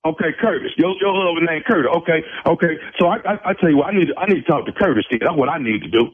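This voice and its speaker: A man making a prank phone call, talking in a slow drawl with stammering restarts. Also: fairly high pitch, no echo. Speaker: radio prank caller. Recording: tinny phone line.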